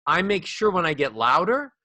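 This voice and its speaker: High, sharp and sing-song, this middle-aged voice coach talks at a moderate pace with no room sound. Interviewed through a close small ball mic, he is animated and demonstrative, altering volume and melody for his examples.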